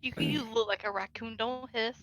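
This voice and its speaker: A woman's voice: a little high, steady tone, moderate pace, fairly bright tone. A woman chatting as a player in a casual tabletop role-play, giggly and chatty.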